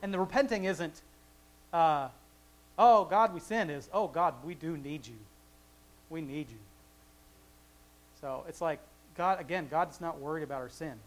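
A man reading scripture aloud and explaining it in a relaxed, conversational teaching style, with chuckling asides and frequent restarts. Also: on the high side, moderate pace, pauses often, low-quality recording. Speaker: Bible teacher. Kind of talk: casual Bible study teaching.

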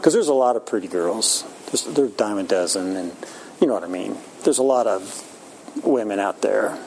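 A man in his sixties talking candidly about faith, self-mocking, with frequent halting restarts. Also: on the low side, lively intonation, creaky, a little mellow, a little hiss or hum, poor audio. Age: 60s. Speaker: Christian speaker. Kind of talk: casual faith talk.

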